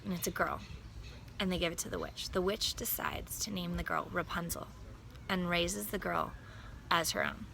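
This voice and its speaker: A woman retelling a fairy tale in a plain, unhurried voice, catching and fixing small slips as she goes. Her voice sits a little low, with a gravelly texture and a bright, forceful edge. A faint hiss runs underneath. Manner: plain, unhurried telling with small self-corrections. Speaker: storyteller.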